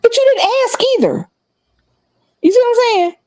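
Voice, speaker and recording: A middle-aged woman telling a story in casual chat, animated and laughing, acting out the other people's voices. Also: extremely high pitch, normal speed, no room sound. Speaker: podcast co-host.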